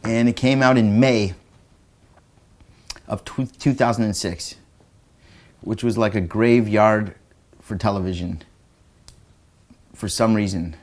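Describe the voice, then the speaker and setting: A man's voice: on the low side, fairly even intonation, slow pace, pauses often. Rambling man telling a story. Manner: rambling, filler-heavy, laughs while telling; acts out quotes in raised voices. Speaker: interviewee. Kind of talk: anecdotal storytelling.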